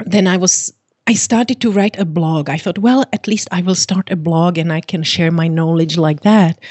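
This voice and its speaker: A woman's voice: lowish voice, darkish tone, dry recording. A woman whose first language is not English, a fitness coach and author being interviewed, talking earnestly and giggling often. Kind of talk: conversational interview.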